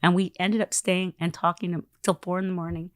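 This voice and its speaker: A woman telling an anecdote in an interview, animated, acting out the lines she quotes. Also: lowish voice, a little fast, dry recording. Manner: animated storyteller who acts out quoted lines. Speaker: interview guest.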